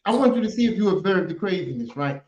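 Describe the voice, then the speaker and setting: A man's voice: high-pitched, animated, fast talker, a little mellow. A man co-hosting a casual podcast, arguing his points emphatically and calling out the others. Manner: emphatic, argumentative, calls out the others. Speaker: podcast co-host. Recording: echoey room, dull lo-fi sound.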